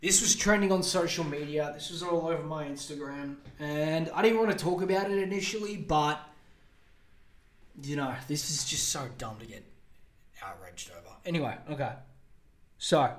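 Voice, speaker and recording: A man's voice: on the high side, normal speed, a bit bright. A young man hosting a solo podcast, ranting sarcastically and swearing freely. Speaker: podcast host.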